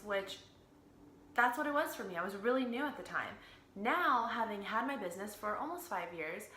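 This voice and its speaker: A woman's voice: medium pitch, bright, forceful tone, slight background noise. Chatty young woman vlogging in a roomy space. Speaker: vlogger and fitness coach. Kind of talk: casual vlog to camera. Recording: roomy echo.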